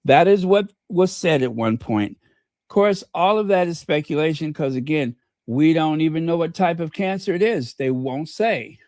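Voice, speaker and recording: A man's voice: on the high side, lively intonation, normal speed, darkish tone, no room sound, clean studio sound. A man hosting a casual livestream, rambling with many fillers and reading viewer comments aloud. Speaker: channel host.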